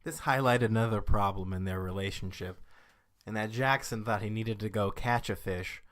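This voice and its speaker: Man, low voice, wry brisk comic narration. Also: a bit bright. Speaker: improv storyteller. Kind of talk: improvised comedic storytelling.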